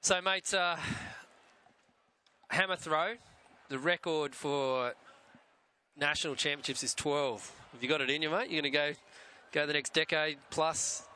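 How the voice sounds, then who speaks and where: A man's voice: a little high, unhurried, sharp tone, smooth. A man with an Australian accent hosting live athletics commentary, chatting with a matey, bantering manner. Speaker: commentator host.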